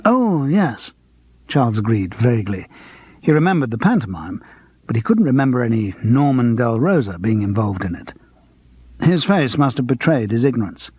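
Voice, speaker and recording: A man reading a cozy mystery audiobook as narrator, in a lively, expressive manner. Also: mid-range voice, moderate pace, slightly rough, no room sound. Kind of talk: scripted narration.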